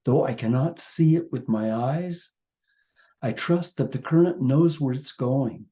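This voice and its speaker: A man voicing a weary male river creature who calmly decides to stop clinging to the riverbed. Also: medium pitch, unhurried, muffled recording, lightly acted. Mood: resolved. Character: weary river creature ready to let go, calm.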